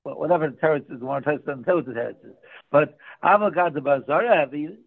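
A male Talmud teacher leads a daily class, working through the text by posing questions aloud and answering them himself. His raised voice is gravelly, husky, and raspy, on the high side and fast. The audio comes through a thin, tinny, phone-like line.

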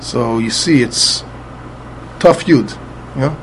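A man's voice: mid-range voice, slow pace, noisy background. Methodical man explaining a Talmud text. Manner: repeats words often while explaining, patient and methodical; spells out Hebrew letters and vowels with Ashkenazi pronunciation. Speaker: Talmud study teacher.

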